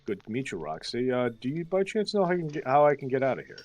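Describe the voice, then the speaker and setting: Man player, hesitant, thinks aloud, lively pitch, faint music behind. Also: rapid-fire, no room sound. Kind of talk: casual tabletop play.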